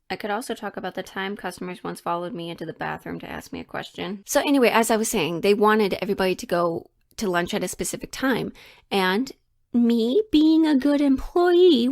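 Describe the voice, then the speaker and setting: A woman's voice: medium pitch, dry recording, studio quality. A young woman telling a personal story in a casual, chatty way, full of asides and "like".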